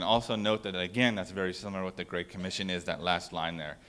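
Male pastor, lowish voice, relaxed sermon delivery with restarts, long hall reverb. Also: quick pace, hardly any pauses. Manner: conversational, with fillers and restarts. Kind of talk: casual sermon.

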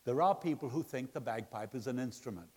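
A middle-aged man preaching a sermon, telling jokes and family stories, swinging between loud laughing excitement and quiet earnest appeals. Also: medium pitch, brisk, slightly rough. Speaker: pastor. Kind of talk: sermon with humorous storytelling. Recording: long reverb of a large hall.

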